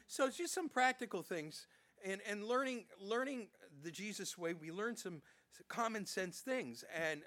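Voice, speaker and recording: A man's voice: high-pitched, a bit bright. Folksy, plain-spoken male pastor preaching. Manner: folksy, down-to-earth preaching with many restarts. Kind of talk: sermon.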